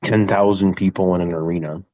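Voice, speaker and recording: A man's voice: deep voice, fairly even intonation, brisk, dark tone. A man co-hosting a podcast in casual chat, rambling loosely with lots of "like". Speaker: podcast co-host. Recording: dull lo-fi sound.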